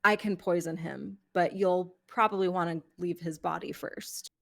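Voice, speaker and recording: A woman's voice: fairly low pitch, fairly even intonation, creaky. Hesitant woman player in a tabletop game. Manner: hesitant, halting with fillers.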